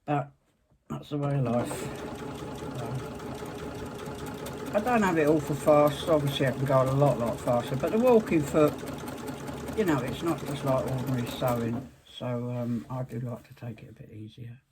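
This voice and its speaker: A woman's voice: rumbling low, normal speed, heavy background noise. Chatty Essex woman at her sewing machine. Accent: Essex English. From England. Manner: rambling, talkative, self-deprecating. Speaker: quilting vlogger. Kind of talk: casual chatty demonstration. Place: home sewing room. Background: sewing machine running.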